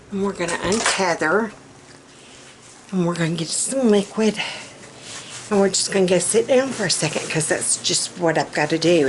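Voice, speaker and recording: A Southern woman talking casually while cooking at home, chatty and a bit out of breath, with a fan running behind her. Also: lowish voice. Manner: chatty, folksy, rambling. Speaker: vlogger. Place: home kitchen. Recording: noisy room with fan running.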